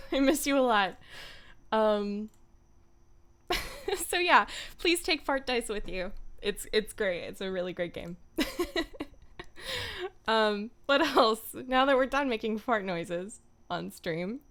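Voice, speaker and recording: A woman's voice: fairly high pitch, lively intonation, slow pace, pauses often, fairly bright tone. Giggly woman chatting on a stream. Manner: giggly and rambling, with many ums. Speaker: streamer and voice actor. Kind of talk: casual live-stream chat.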